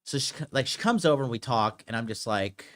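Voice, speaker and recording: A young man talks straight to his listeners, swearing freely and wandering through a personal story with plenty of fillers. His voice sits at an ordinary middle pitch, and his delivery is blunt and casual. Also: expressive, fairly quick, a bit bright. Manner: blunt, profane, rambling with fillers. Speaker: podcast host.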